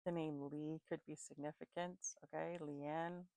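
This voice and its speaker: Tired woman with a low, gravelly voice. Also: fairly even intonation, measured pace, mellow, dry recording. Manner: free-associating, laughing at her own slips. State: tired, sleepy. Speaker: psychic reader. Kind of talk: casual psychic reading vlog.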